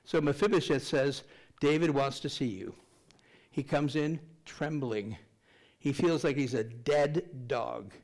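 A man's voice: fairly high pitch, darkish tone. An older man preaching a sermon, reading scripture aloud and telling stories in a conversational way, with rambling, self-deprecating asides. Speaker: pastor.

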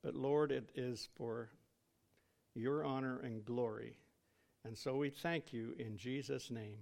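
A man's voice: medium pitch, steady tone, slow pace, gravelly, darkish tone. A man preaching a sermon in a solemn, dramatic way, drawing out words for emphasis.

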